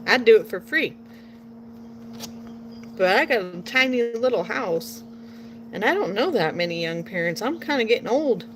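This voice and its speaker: A Portland, Oregon vlogger in her late thirties chats and rambles folksily while crafting outdoors at home, recorded on a nearby phone. Her medium-pitched voice is expressive, at normal speed with frequent pauses, and the recording is rough. She drifts into a playful southern drawl.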